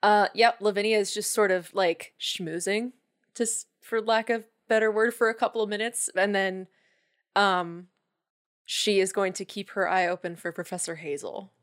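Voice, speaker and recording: A woman's voice: medium pitch, steady tone, moderate pace, fairly bright tone. Easygoing woman tabletop player. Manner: casual, easygoing, loose phrasing. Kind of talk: playing a tabletop game.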